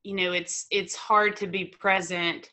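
Bright-toned woman therapist, explanatory. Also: fairly low pitch, measured pace. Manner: thoughtful, explanatory, steady. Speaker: therapist guest. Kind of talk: expert conversation.

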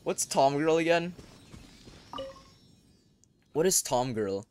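A young man giving casual gameplay commentary, crude and excitable, breaking into sudden loud outbursts. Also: a little high, slow, a little hiss or hum. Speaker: gaming YouTuber. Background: faint game music.

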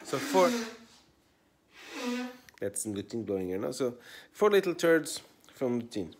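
A man narrates his own vlog as a chatty mock tour guide, his pitch leaping up and down as he goes. He talks in a put-on accent he says he can't place. His voice sits at a medium pitch for a man. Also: very animated, measured pace, a little mellow. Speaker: comedian vlogger. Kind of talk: casual vlog walkthrough.

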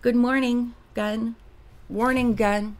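A woman's voice: on the high side, steady tone, slow. A woman reading a mystery novel aloud in outtakes, tripping over words, giggling and teasing her own slips. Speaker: audiobook reader.

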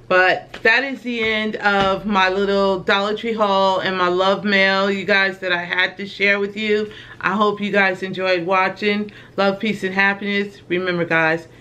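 A woman's voice: mid-range voice, pushed and bright. An older woman, chatting in a casual haul vlog, affectionate and easily moved. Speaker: vlogger.

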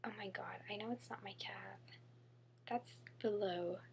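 A woman's voice: mid-range voice, steady tone, unhurried, vocal fry, breathy edge. A young woman chatting casually to camera in a haul vlog, bubbly and chatty, full of fillers and gushing about how cute things are. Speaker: beauty vlogger.

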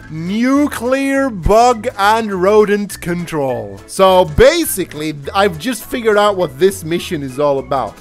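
A man giving jokey, excitable gameplay commentary, swearing freely as he plays. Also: high-pitched, slow, faint music behind. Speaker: gaming YouTuber.

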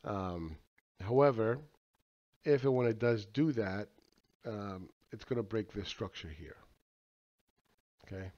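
A man's voice: lowish voice, slow pace, long pauses, a little mellow. A man giving casual, crude market commentary, rambling with filler words, profanity and laughs. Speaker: market analyst. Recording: slightly dull lo-fi audio.

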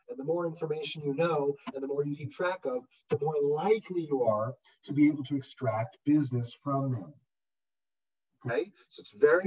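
Man, webinar trainer, higher voice, husky, lo-fi far-off call audio. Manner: animated, acts out customer voices. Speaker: real estate trainer. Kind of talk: webinar software walkthrough. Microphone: video call. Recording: dull lo-fi audio from far off the mic.

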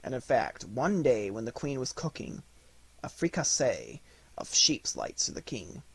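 A man's voice: medium pitch, measured pace, creaky, breathy edge. A man reading a classic fairy tale aloud as an audiobook narrator, telling it expressively. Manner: expressive, lively storytelling. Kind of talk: storybook narration.

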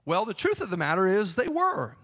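A man preaching a Pentecostal sermon with a fervent, rhythmic delivery that builds to shouting. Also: sits high, wildly swooping pitch, fairly quick, in a large hall. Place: church sanctuary.

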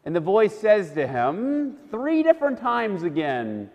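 Pastor, male, high voice, casual storytelling sermon, echoing church. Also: huge pitch swings, unhurried, few pauses, dull audio. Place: church sanctuary. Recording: church hall reverb.

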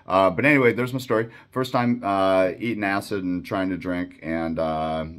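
A man in his fifties with a very low, deep voice tells a story straight to the listener. He rambles and curses freely, and he fills his pauses with "you know" and "uh". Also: fairly even intonation, a bit bright, smooth. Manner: rambling, swears freely, many fillers. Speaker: storyteller recounting his past. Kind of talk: casual storytelling monologue.

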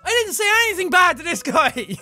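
A man giving loud, excitable let's play commentary on a close desk mic, swearing often and laughing between lines. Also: extremely high pitch, normal speed, soft background music. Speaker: gaming YouTuber.

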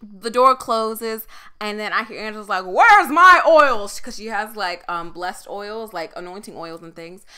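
A young woman co-hosting a podcast, telling a story in a casual, animated way, laughing often and swearing freely. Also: medium pitch, moderate pace, clean tone. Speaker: podcast co-host.

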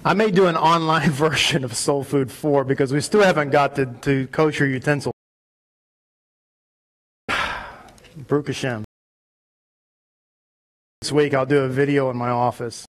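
A man preaching a sermon in a synagogue, arguing emphatically and rising to loud peaks on key points. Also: mid-range voice, steady tone, measured pace, long pauses. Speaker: rabbi.

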